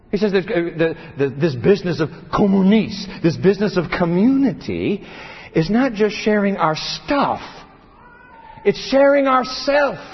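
A man preaching a sermon to a church congregation, talking in an animated, conversational way with dramatic pauses. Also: sits high, breathy edge, long reverb tail, lo-fi sound. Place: large church.

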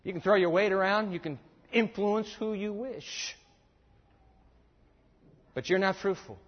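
A man's voice: sits high, unhurried. A man preaching a sermon, emphatic, repeating his points and telling listeners to jot them down. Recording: echoey dull lo-fi hall recording.

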